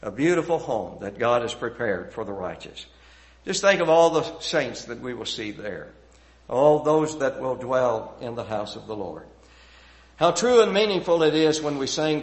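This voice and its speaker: A middle-aged man preaches with earnest conviction. His voice climbs through emphatic lists, then drops to a quiet, hushed close at the end of each thought. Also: mid-range voice, animated, moderate pace. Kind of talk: sermon.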